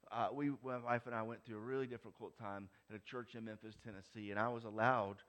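A middle-aged man preaching a sermon, moving from soft, hushed lines to loud, emphatic ones. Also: fairly low pitch, fairly even intonation, fast talker. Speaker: pastor.

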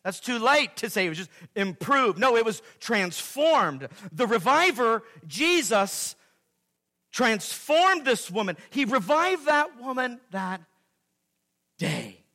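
A man preaching a sermon as pastor, swinging between loud emphatic peaks and quiet asides, repeating key phrases. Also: very animated, slow. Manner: dramatic swings in pitch and loudness, emphatic repetition.

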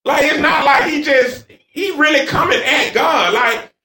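A man preacher delivering a fervent sermon in a church, moving between shouts and hushed passages. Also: very high voice, unhurried. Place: church sanctuary. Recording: echoey church from far off.

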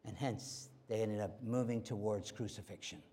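A man preaching a sermon, stressing lines by repeating them, and swinging from loud to hushed. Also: lowish voice, normal speed, husky. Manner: emphatic, repeating key phrases, swinging between loud and quiet.

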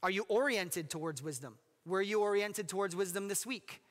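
A male pastor giving an animated, jokey sermon, often asking his listeners questions. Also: sits high, moderate pace, in a large hall.

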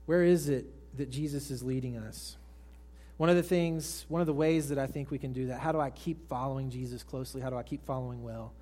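A male pastor preaching to a congregation, swinging from raised emphatic lines to hushed soft ones and putting questions to his listeners. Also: medium pitch, fairly even intonation, fairly quick. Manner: asks the congregation direct questions. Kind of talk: sermon. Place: church service with congregation.

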